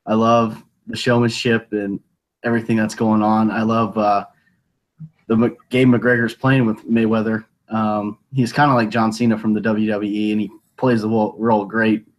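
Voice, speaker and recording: A man's voice: on the low side, flat delivery, normal speed. A man hosting a casual sports talk show from the US Midwest, rambling loosely with lots of fillers. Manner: laid-back, filler-heavy rambling. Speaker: host.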